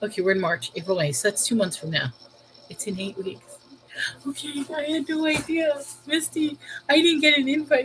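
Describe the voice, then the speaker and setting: A middle-aged woman hosting a casual livestream, chatting with viewers, laughing often, and slowing down to give earnest spiritual advice. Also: sits high, a bit bright, slight background noise, low-quality recording. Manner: earnest and slow when giving spiritual advice. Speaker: host of a Bible livestream.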